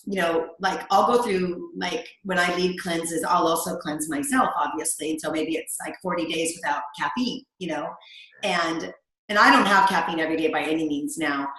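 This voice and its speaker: A woman's voice: lowish voice, normal speed, a bit bright. A middle-aged woman talking as an interview guest, chatty and confiding, often saying "you know". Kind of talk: casual interview chat. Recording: very echoey room.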